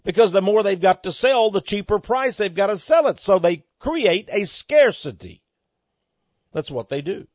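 Emphatic man with a lively, swooping voice. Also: sits high, moderate pace, dry recording. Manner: emphatic, rhetorical questions, swinging loud and soft. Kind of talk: preaching commentary on economic news. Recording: dull lo-fi dry recording.

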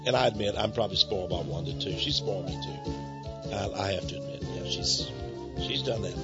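Folksy male radio host, gravelly and husky, chuckling storyteller, dull dry studio sound. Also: a little high, a bit bright, no room sound. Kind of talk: folksy rambling radio talk.

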